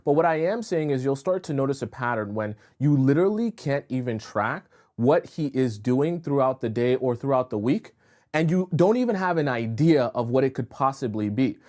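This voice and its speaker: A man hosting a casual live-stream dating advice session, talking straight to his viewers. He is frank and chatty, reacts to comments as they come in, and keeps checking in with a quick "right?" at a middle pitch. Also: expressive, warm tone. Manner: chatty, reads and answers viewer comments aloud; frank, repeats phrases and fills with "uh" and "right?". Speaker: dating coach.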